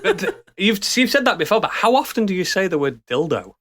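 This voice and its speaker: Bright, animated man full of banter. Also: high-pitched, brisk, a little hiss or hum. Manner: banter, mimics accents, laughs. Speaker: podcast co-host. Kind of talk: casual chat.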